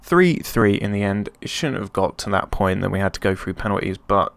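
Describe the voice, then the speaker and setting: A let's play host talks briskly through his football management game, chatty and easygoing until something happens and he yelps with excitement. His voice is low and gravelly, and the recording is close and dry, with no room around it.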